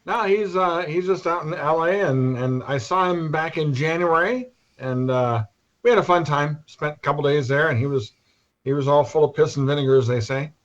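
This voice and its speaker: Man rambling over a dull line. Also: on the high side. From North Iowa, US. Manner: rambling, halting, clears throat often. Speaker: interview guest. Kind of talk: casual anecdotes. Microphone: video call.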